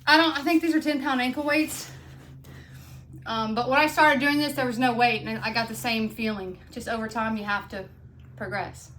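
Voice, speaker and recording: A woman's voice: fairly high pitch, fairly even intonation, moderate pace, fairly bright tone, slight background noise. A young woman coaching a home workout in a blunt, chatty way, out of breath and counting reps aloud. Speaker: fitness instructor. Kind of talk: casual workout instruction.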